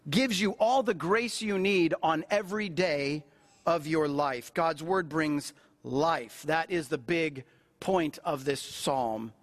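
A man's voice: fairly high pitch, slow. A middle-aged man, a pastor, preaching a sermon in a conversational way and repeating phrases for emphasis.

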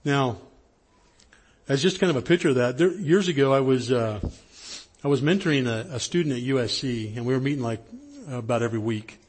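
A husky-voiced middle-aged man preaching from the pulpit, easygoing and conversational as he tells a story. His voice sits at an ordinary pitch, with a slightly breathy edge. He jumps higher when he acts out what people said. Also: fairly quick, a little mellow. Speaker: pastor. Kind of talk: sermon with a personal story.

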